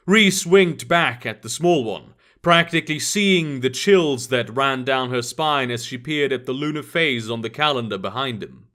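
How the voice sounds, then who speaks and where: A man narrating an urban fantasy story in an expressive scripted reading. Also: mid-range voice, measured pace, hardly any pauses.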